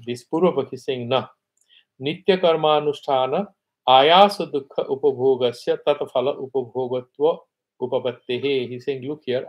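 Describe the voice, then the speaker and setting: A man teaching scripture, reciting Sanskrit verses slowly and then explaining them conversationally. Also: medium pitch, dull audio. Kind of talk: explaining Sanskrit texts in a class.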